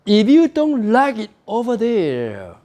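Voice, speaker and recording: A man's voice: high-pitched, wildly swooping pitch, takes it slowly, warm tone, voice pushed up, heavily acted. A man reading as a soothing motherly woman. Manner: soothing, reassuring. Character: woman comforting a girl like a mother.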